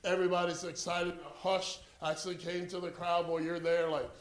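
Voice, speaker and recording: A high-voiced man preaching a sermon, drawing his listeners in with a story. He moves from quiet, low narration to loud, urgent exhortation. The sound carries the echo of a large room. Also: flat delivery, moderate pace.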